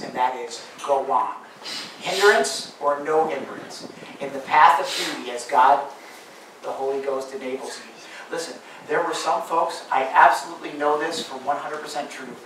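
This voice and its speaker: Earnest preaching man in an echoey church. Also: mid-range voice. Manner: earnest exhortation, swinging from loud pleading to quiet asides. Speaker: pastor. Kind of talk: sermon. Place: church sanctuary. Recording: very echoey room, voice from far off, audible noise.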